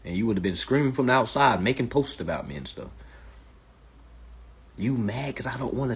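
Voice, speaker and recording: A man in his thirties hosting a casual live stream chat in an animated, preachy way, with loud exclamations and muttered asides. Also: medium pitch, fast talker, breathy edge. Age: 30s.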